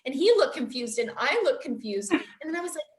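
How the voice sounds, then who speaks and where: A woman guest in casual podcast chat, telling lively stories and laughing often. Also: high-pitched, quick pace. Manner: animated storyteller, laughs often.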